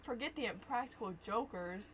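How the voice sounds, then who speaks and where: A woman's voice: fairly high pitch, lively intonation, fairly quick, background noise. A young woman, the host's daughter, joking around in casual chat. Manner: playful, goofy jokes.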